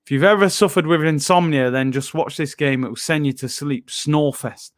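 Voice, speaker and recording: A man's voice: on the high side, fairly quick, no echo. A man hosting a live football watchalong, chatting casually in slang and reading out chat messages.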